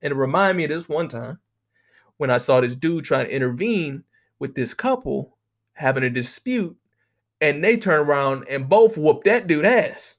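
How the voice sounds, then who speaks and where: This is an American man riffing through a comedic rant, swearing freely and drifting from one rambling story to the next. His voice sits a little higher than most men's, and he keeps up an animated, storytelling energy. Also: normal speed.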